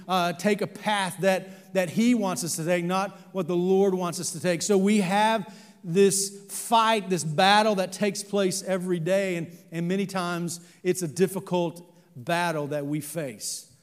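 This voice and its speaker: Brief: earnest male pastor, sermon delivery, fairly high voice, halting with fillers, big echoing sanctuary. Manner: earnest, with many fillers and restarts. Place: church sanctuary. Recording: long church reverb.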